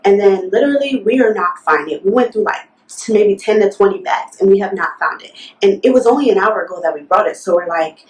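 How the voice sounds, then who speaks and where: A woman's voice: mid-range voice, animated, quick pace, darkish tone. Young woman vlogger, indignant storytime retelling, echoey room, mic a bit far off. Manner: fired-up, indignant, talks with lots of "like". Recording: roomy echo, mic at a distance.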